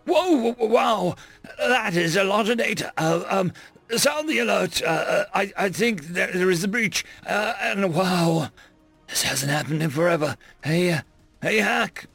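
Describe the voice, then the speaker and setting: A man's voice: sits high, a little slow, vocal fry, fairly bright tone, slightly rough, dry recording, faint music behind, voice pushed up, heavily acted. A man voicing a nervous, stammering IT tech aboard a starship. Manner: stammering, hesitant.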